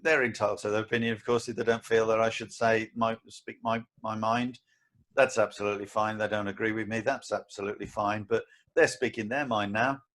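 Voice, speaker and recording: A man co-hosting a casual podcast chat about martial arts, forthright and quick to laugh, speaking his mind. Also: fairly low pitch, little pitch movement, a bit bright.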